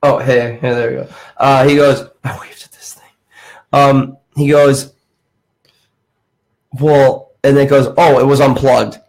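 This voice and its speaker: Young male podcast host, average pitch, lively casual storyteller who acts out quoted voices. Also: unhurried, creaky, pauses often, poor audio.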